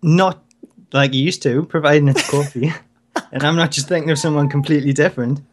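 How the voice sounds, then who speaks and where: A man co-hosting a wrestling talk show in casual chat, relaxed and a little hesitant, restarting words as he works through his thoughts. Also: fairly high pitch, brisk, a little hiss or hum. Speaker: co-host.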